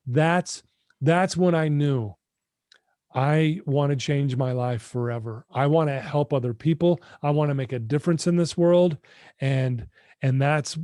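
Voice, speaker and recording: As a podcast guest, a middle-aged addiction recovery mentor with a voice slightly higher than most men's tells a personal story, earnest and heartfelt, frequently speaking straight to the host. His tone is darkish, and the sound is dry and close with almost no room and no echo.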